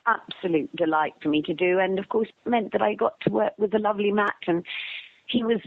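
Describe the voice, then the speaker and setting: A woman's voice: mid-range voice, steady tone, fairly quick, slight background noise. An older actress chatting as an interview guest, bubbly and rambling, telling stories and acting out the lines people said to her. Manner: bubbly, rambling anecdotes with acted-out quotes. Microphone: telephone. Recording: tinny phone line.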